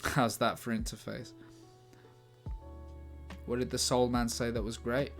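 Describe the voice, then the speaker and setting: A man talks through his writing ideas live, weighing options out loud and answering viewers as he goes. His voice sits at a plain middle pitch. Faint music plays in the background. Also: flat delivery, a little slow. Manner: thinking aloud, trying out lines, answering chat. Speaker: livestream writer. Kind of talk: casual livestream brainstorming.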